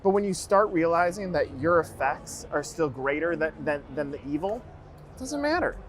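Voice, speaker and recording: A man's voice: fairly high pitch, lively intonation, moderate pace, soft background music. A man hosting a podcast, talking to his guest in an earnest, encouraging way. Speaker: podcast host. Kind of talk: casual interview chat.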